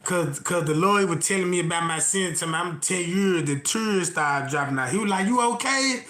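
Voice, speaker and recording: A man ranting comically to his live chat, telling a rambling, profane story full of repeated asides and swinging between loud outbursts and low mutters. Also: normal speed. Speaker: livestream host. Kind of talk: comedic rant to a live chat. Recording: roomy echo.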